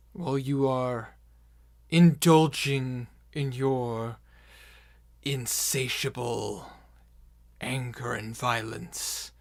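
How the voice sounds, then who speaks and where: A man voicing a menacing male avatar spirit in a tabletop game, speaking slowly and ominously. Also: mid-range voice. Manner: slow, drawn-out, louder ominous delivery.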